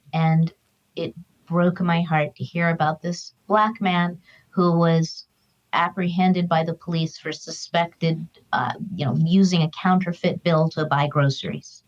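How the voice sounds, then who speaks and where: In a reflective interview, a middle-aged woman who writes and works as a grief counselor tells sincere, spiritual, heartfelt stories. She speaks in a lowish voice, and the audio is dull.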